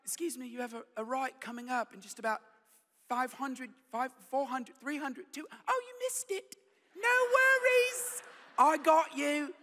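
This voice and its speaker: A man's voice: extremely high pitch, a little slow, sharp tone, long reverb tail, pitched above the performer's own voice, full character voice. A man putting on a playful, exaggerated impression of a female British GPS voice. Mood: sweetly helpful. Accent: put-on British. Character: British female GPS voice, polite, then mocking.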